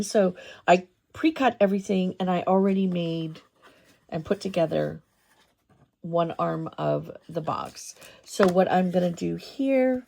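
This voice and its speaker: Woman craft host: heavy vocal fry, mellow tone, demonstrating step by step. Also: on the low side. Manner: step-by-step, unhurried, thinking aloud. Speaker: papercraft tutorial host.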